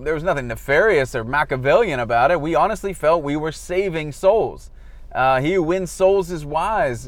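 A man's voice: a little high, dry recording. A man talking candidly in a car stuck in traffic, looking back on his days as a street evangelist and acting out the lines he used. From Florida, US. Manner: candid, self-deprecating, acts out quoted dialogue. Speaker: former evangelist recounting his past. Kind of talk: casual reflective monologue.

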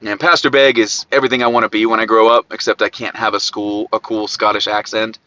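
A man with an Ohio accent preaching a podcast sermon, swinging from loud emphatic peaks to quiet asides. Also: on the low side, level tone, fast, dull audio.

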